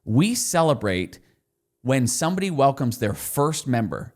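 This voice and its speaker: A man's voice: mid-range voice, big pitch swings, unhurried. A man guest on a podcast, an enthusiastic storyteller explaining business lessons. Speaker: guest expert.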